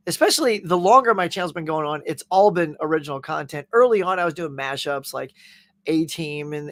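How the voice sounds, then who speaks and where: A man's voice: fairly high pitch, a bit bright. A man hosting a casual pop culture show, chatting and rambling through viewer comments with frequent laughs. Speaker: podcast host reading viewer comments. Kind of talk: casual chat.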